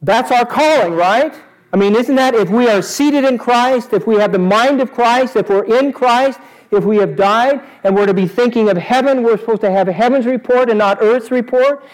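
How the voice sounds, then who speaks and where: A man preaching a sermon to a live congregation, animated and asking them questions. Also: very high voice, normal speed. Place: church service before a congregation.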